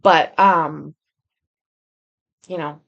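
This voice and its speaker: A woman's voice: low voice, fairly even intonation, drawn-out words, vocal fry, fairly bright tone, dull audio. A woman hosting a casual commentary show, talking in a rambling, candid way. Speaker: host. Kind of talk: casual commentary on court videos.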